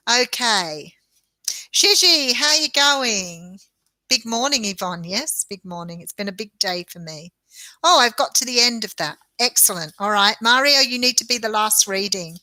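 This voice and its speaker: A woman's voice: mid-range voice, sharp tone, no room sound. An Australian woman, a tarot reader, giving chatty and reassuring readings on a live stream with frequent laughter.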